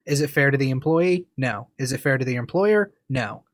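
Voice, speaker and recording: A man co-hosting a casual podcast, reading listener comments aloud in an even, deadpan way. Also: medium pitch, moderate pace, dry recording, clean studio sound. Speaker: podcast co-host. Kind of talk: casual chat.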